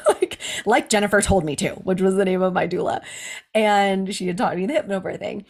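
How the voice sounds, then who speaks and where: A podcast host in her thirties tells a personal story candidly in casual chat, laughing often and quoting others in livelier voices. Her voice is mid-range, at a normal speed.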